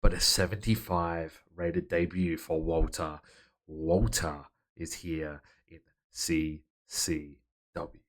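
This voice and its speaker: A man hosting a casual wrestling management game commentary, reading out match results in a relaxed, matter-of-fact way. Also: very deep voice, takes it slowly. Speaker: host.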